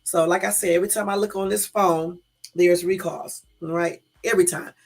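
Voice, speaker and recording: A woman's voice: lowish voice, steady tone, moderate pace, darkish tone. A woman hosting a casual live stream, reading out news and talking straight to her viewers with emphatic, exasperated asides. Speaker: YouTube live-stream host. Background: faint background music.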